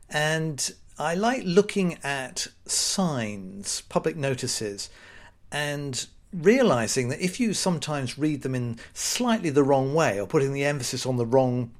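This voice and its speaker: Wry British man with a lively voice. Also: medium pitch. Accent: British English. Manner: wry, sarcastic, chatty with mock-quoted voices. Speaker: podcast host. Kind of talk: casual solo podcast monologue.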